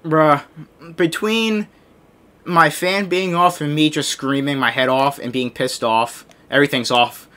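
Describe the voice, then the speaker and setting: A young man commentating his own basketball gameplay, ranting and yelling at his teammates and the game, overheated and sweating in a hot room. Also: fairly high pitch, fairly even intonation, unhurried. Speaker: gaming video creator.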